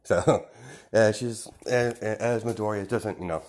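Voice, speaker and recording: A man's voice: fairly low pitch, unhurried, a little mellow. A man casually improvising a fan story, rambling with lots of fillers and frequent chuckles.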